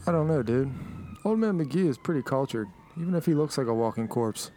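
An actor playing a laid-back young male gravedigger who talks in a relaxed, casual way and swears offhandedly. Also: medium pitch, fairly quick, a little hiss or hum, natural voice.

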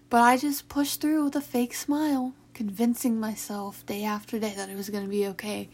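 A young adult woman telling a personal story in a halting, emotional way, with sighs and restarts. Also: medium pitch, slightly rough. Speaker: vlogger. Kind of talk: personal confessional talk.

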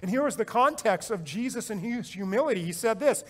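High-voiced pastor preaching emphatically. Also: male voice, expressive, brisk, few pauses. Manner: emphatic, swings between loud urging and quiet reflection; repeats phrases for effect, jokes and chuckles. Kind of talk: sermon.

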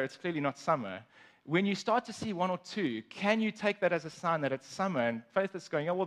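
Chatty man telling a story, slightly high voice. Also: a bit bright. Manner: chatty, self-aware asides to listeners. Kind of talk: casual spoken storytelling.

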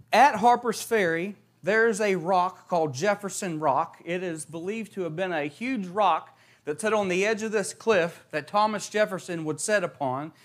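A young preacher with a high voice delivers a sermon. He reads scripture and prays in a hushed way, then tells stories with mounting emphasis. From West Virginia.

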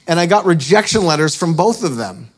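A man's voice: fairly high pitch, sing-song, a little fast, husky. Chatty self-mocking male preacher. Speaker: preacher and author. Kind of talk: storytelling sermon.

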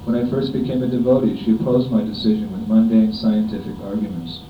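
A middle-aged American man, a disciple, reads a written devotional homage letter aloud, measured and solemn with a steady tone. The recording is dull and echoey, made at a distance in a room with a faint rumble.

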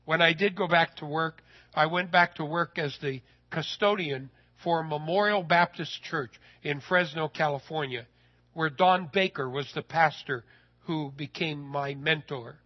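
A man telling a personal story in a sermon, folksy and animated, his voice rising when he gets excited. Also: a little high, unhurried, dull audio.

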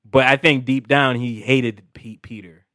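A man's voice: medium pitch, steady tone, unhurried, pushed and bright, dry recording, clean studio sound. A man co-hosting a casual movie discussion, laughing often and acting out characters' lines. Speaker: podcast co-host.

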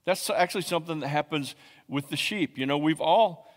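Man, pastor's sermon, emphatic and repetitive, slightly higher voice, long hall reverb. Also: brisk. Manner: emphatic, repeats key lines, rising to passionate peaks.

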